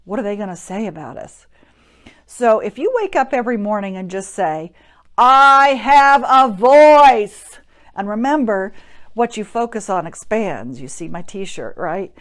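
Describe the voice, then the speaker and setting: A woman's voice: mid-range voice, animated, moderate pace, a little mellow. A woman hosting a live-streamed talk, teaching in an encouraging, chatty way and greeting viewers by name. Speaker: host.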